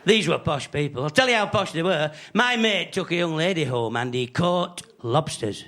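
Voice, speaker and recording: A man's voice: fairly high pitch, lively intonation, moderate pace, fairly bright tone. A man with a northern English accent telling cheeky, rambling jokes in a stand-up comedy act. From Northern England. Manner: cheeky, rambling joke-teller.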